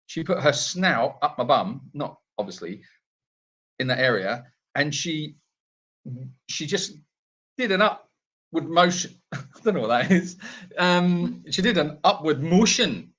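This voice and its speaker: A man's voice: a little high, lively intonation, unhurried, pauses often, fairly bright tone. A man co-hosting a casual live Q&A from an animal sanctuary, a chatty storyteller who often laughs at his own tales. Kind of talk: casual live-stream chat.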